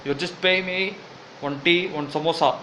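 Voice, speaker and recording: A man doing a bossy cricket mascot with an Indian English accent, loud and pushy, rambling through his points with plenty of fillers. His voice is bright and forceful, and faint background hum sits under it. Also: on the high side, fairly even intonation, moderate pace, low-quality recording. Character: brash bossy cricket-league mascot named Jill. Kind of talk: comic double-role sketch.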